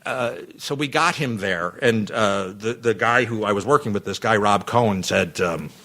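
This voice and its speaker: A man's voice: lowish voice, moderate pace, pushed and bright. A man chatting as a podcast guest, telling a rambling anecdote full of restarts and self-interruptions.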